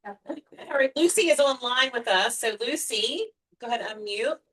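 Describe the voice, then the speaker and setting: A woman's voice: a little high, expressive, measured pace, a bit bright, slightly rough, rough recording. A woman hosting a team meeting, giving brief, encouraging responses and passing the floor. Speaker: meeting host.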